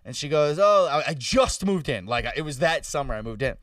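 A man's voice: mid-range voice, brisk, no room sound, distant mic. A young man co-hosting a casual chat, telling stories with lots of swearing. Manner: animated storyteller, swears a lot. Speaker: podcast co-host. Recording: dry, a bit off-mic.

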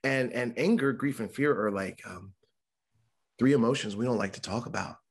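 A man's voice: mid-range voice, moderate pace, breathy edge. A man who works as a mental health speaker, talking candidly about his own life in a podcast interview. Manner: candid and conversational, acts out quoted voices. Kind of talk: podcast interview, personal story.

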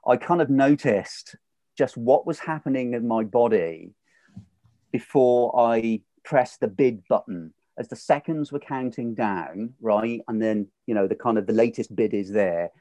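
A man in a casual podcast chat, animated and laughing often, acting out the voices he quotes. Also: medium pitch, a little slow, no echo. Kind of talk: casual conversation.

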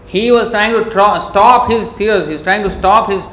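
A man's voice: sits high, measured pace, a bit bright. A man giving a devotional sermon in an emphatic, scolding, storytelling manner. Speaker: preacher. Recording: echoey room, faint background noise.

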